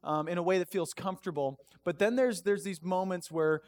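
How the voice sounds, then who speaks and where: A man preaching a sermon as pastor in a church, telling stories in an animated, self-deprecating way. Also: sits high, fairly quick. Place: church sanctuary.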